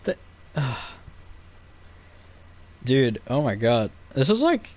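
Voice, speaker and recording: A man's voice: mid-range voice, sing-song, slow pace, highs cut off, a little hiss or hum. A young man streaming, telling stories in a rambling, profane way full of fillers. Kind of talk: casual live-stream chat. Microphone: streaming mic.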